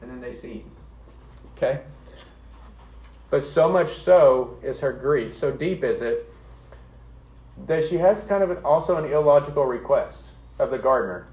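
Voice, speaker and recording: A man's voice: mid-range voice, animated, moderate pace, long pauses, a little mellow. Earnest man preaching, muffled sound. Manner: earnest, conversational preaching with frequent "okay?" and "right?". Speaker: pastor. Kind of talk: sermon.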